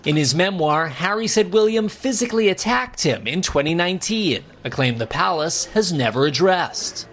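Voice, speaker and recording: A man narrating a scripted television news report with a high voice and a measured, formal delivery. A faint hiss sits under the recording. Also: expressive, fairly bright tone. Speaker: news correspondent.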